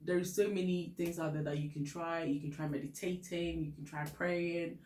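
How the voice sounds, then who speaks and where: A woman's voice: lowish voice, fairly even intonation, normal speed, a little mellow, echoey room. A woman from Ghana with a Ghanaian English accent, chatting candidly and laughing often as she gives relationship advice. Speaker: vlogger giving relationship advice. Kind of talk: casual advice chat.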